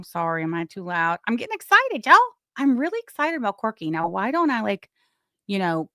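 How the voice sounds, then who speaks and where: A woman hosting a live stream, giving casual gossip commentary in a blunt, crude way with sudden loud, excited bursts. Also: fairly low pitch, no room sound, studio quality. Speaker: livestream host.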